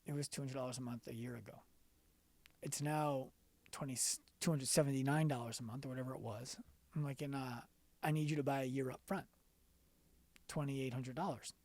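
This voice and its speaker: A man being interviewed on a podcast as a business coach, telling stories earnestly and going quiet for the emotional parts. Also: mid-range voice, steady tone, brisk, long pauses, no echo.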